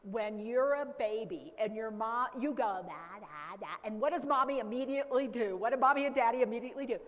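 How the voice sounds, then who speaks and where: Female speaker, high-ish voice, animated conference lecturer, long hall reverb. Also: quick pace. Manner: animated, acts out baby talk and caregiver voices. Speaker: dementia care educator. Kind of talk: conference talk.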